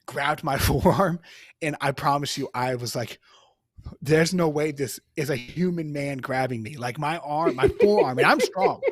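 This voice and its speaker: Young guy, husky, swears a lot, rambling podcast stories, dry close sound. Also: on the high side, dry recording. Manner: rambling, swears, laughs while telling stories. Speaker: podcast co-host. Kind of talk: casual storytelling chat.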